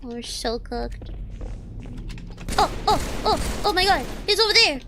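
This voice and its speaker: Young woman streamer, high lively voice, excitable and swearing, gunfire loud behind her. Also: slow, background noise. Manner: excitable, shrieks and swears at the game. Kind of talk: live gameplay commentary. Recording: loud game gunfire under voice. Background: shooter game sounds and gunfire.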